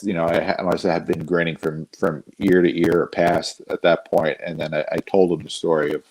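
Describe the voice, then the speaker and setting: A man with a very low, husky voice tells a story at an easy pace. He is a guest artist from Northern New Jersey, talking casually and poking gentle fun at himself. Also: poor audio. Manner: relaxed, anecdotal, self-deprecating.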